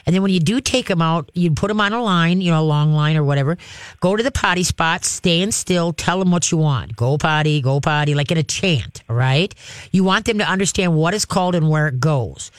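A man's voice: on the high side, fairly quick, dry recording. Folksy talk-radio man, chatty and dry. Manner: folksy, chatty, repeats "okay?" and "all right?". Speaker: radio show host, dog trainer. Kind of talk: call-in radio advice.

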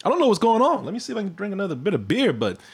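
A man's voice: sits high, huge pitch swings, very fast, slightly rough. A man hosting a casual livestream chat, joking and laughing often, with a tickle in his throat. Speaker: livestream host.

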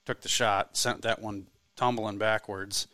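Deep bright-toned laid-back storyteller man. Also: fairly even intonation, measured pace, dry recording. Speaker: co-host, hunter. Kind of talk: casual storytelling chat.

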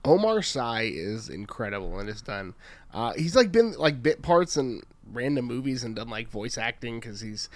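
A man's voice: mid-range voice, big pitch swings, moderate pace, no room sound. A man hosting a podcast, chatting casually and then giving an upbeat sign-off. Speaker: podcast host.

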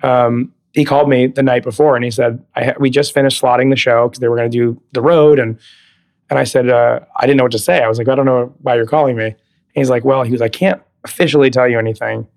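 A man's voice: medium pitch, fairly even intonation, fast talker, gravelly, a little mellow. A man in his thirties from California, a guest on an interview podcast, telling stories animatedly, laughing often and acting out quoted dialogue. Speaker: guest, Broadway actor. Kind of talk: casual interview chat.

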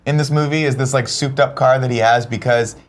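A man's voice: mid-range voice, fairly even intonation, fairly quick. Man ranting animatedly with swearing. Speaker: co-host. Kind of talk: casual chat.

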